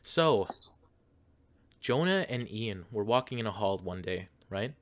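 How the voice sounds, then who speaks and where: A man's voice: fairly low pitch, expressive, a little slow, no room sound. A man hosting, goofily rambling through an improvised comedy story with a friend. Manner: goofy, rambling, lots of fillers. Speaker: host.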